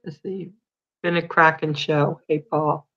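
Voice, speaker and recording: A chatty woman hosts a casual livestream, greeting viewers by name and telling little stories. Her voice is bright and forward. The recording sounds dull and lo-fi. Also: sits low, steady tone, measured pace. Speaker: livestream host.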